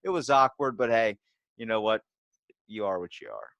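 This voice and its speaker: A man in casual chat, telling stories and acting out the lines of others with sudden loud jumps. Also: on the low side, moderate pace, vocal fry, dry recording, lo-fi sound. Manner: animated storyteller, acts out quotes loudly.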